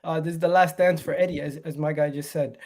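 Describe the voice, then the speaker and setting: Man, nasal from a cold, slightly high voice, rambling live-stream host. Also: steady tone, fast, darkish tone. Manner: chatty, rambling, addresses viewers directly. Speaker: football channel host. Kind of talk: casual live-stream chat.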